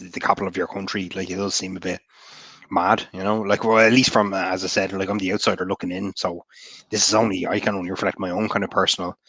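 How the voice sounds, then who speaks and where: An Irish man speaks as a podcast guest, weighing his words and softening them with plenty of "like" and "you know". His voice is very low, and the recording is dry and close. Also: little pitch movement, slightly rough, no echo. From Ireland. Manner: measured, hedging, full of "you know" and "like". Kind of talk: casual podcast chat.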